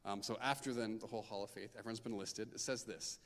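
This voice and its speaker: A man's voice: fairly low pitch, fairly even intonation, fast, hardly any pauses, a bit bright. A young man giving an informal, candid sermon, reading scripture and speaking with many likes and ums. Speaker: preacher. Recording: long hall reverb.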